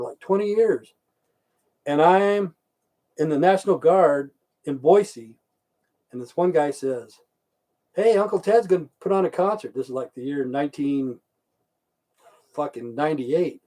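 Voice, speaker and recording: A man in his fifties spins a long, crude story full of swearing and repeated lines. His voice is mellow and dark, pitched a little high for a man, with a loose rambling pace. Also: measured pace, pauses often. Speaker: livestream host.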